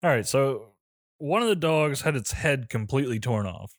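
A man's voice: mid-range voice, animated, normal speed, no room sound, studio quality. A man co-hosting a casual chat, reading out a spooky story from a wiki page with joking asides. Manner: reads aloud from a wiki page with jokey asides, laughs often. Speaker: podcast co-host.

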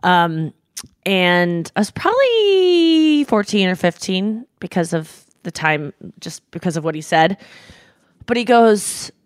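Young woman podcast host, animated storytelling, swears a lot, dry close sound. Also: slow pace, no echo. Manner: animated, swears freely, acts out quotes in shrill yells. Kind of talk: casual storytelling chat.

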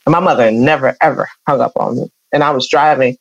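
A woman's voice: very deep voice, quick pace, dry recording, dull audio. A middle-aged woman, earnestly telling an emotional personal story as an interview guest. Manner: emotional, earnest, acts out quoted voices.

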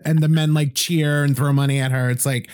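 A man's voice: on the high side, steady tone, a little fast, very noisy. A man who works as a horror host, chatting casually about a film with stammering restarts and jokes. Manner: rambling, stammering restarts, joking. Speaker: horror host and editor, podcast guest. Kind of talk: casual film-review chat.

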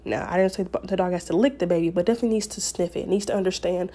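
Chatty woman with a mellow voice. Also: on the low side, racing, few pauses. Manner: chatty, rambling, many fillers and restarts. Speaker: podcast host. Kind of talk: casual advice talk.

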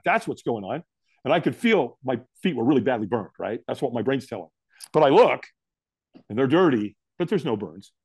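A man's voice: moderate pace, husky, no room sound, studio quality. A middle-aged man, a guest in an interview, telling a story and acting out what people said to him. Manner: animated, acts out quotes with big pitch jumps.

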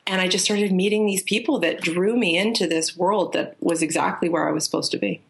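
A woman's voice: brisk, gravelly, a little hiss or hum. A woman, a life coach, telling stories in a casual interview, rambling with restarts and acting out what people said. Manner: animated, acts out quoted people in a higher voice.

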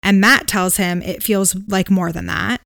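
A woman's voice: medium pitch, measured pace, creaky, dry recording, studio quality. A woman co-hosting a podcast, casually retelling a ghost story with "um"s and "like"s. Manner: relaxed retelling with fillers and hedges. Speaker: podcast co-host.

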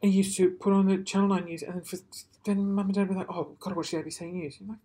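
A woman's voice: mid-range voice, flat delivery, racing, hardly any pauses, mellow. A young Australian woman in casual chat, emotional and gushing, swearing freely. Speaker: vlogger reacting to old news clips.

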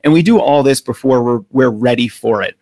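A man's voice: medium pitch, brisk, a little mellow, dry recording, clean studio sound. A middle-aged American man, a running coach, explaining training earnestly in a podcast interview with frequent filler words. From United States.

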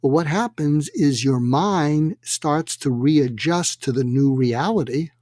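A man telling anecdotes as an interview guest, animated and acting out quotes, with frequent fillers. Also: a little high, slow, dry recording, clean studio sound. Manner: animated, acts out quotes in other voices. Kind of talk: anecdotal storytelling.

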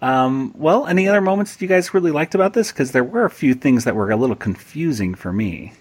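A man's voice: on the high side, lively intonation, fairly quick, husky. A man hosting a podcast, chatting casually about cartoons with lots of restarts and laughter. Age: adult, past high school. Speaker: podcast host. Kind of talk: casual chat.

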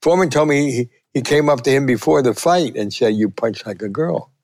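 An older man, a veteran sportswriter telling a lively story and acting out the quotes. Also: fairly quick. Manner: lively, acts out quotes with big pitch jumps. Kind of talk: animated storytelling.

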